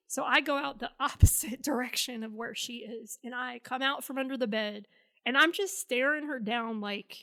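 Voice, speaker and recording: A woman's voice: on the high side, moderate pace, fairly bright tone. A woman guest telling a personal story in an interview, blunt and profane, acting out the dialogue she quotes. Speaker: podcast guest, Navy veteran.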